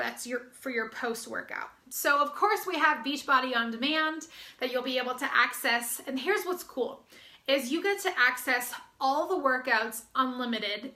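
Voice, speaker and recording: A high-pitched American woman with a sharp tone, recorded in a reverberant space. She's a fitness business coach from the United States giving an upbeat, chatty promotional talk, slightly out of breath and full of fillers and restarts.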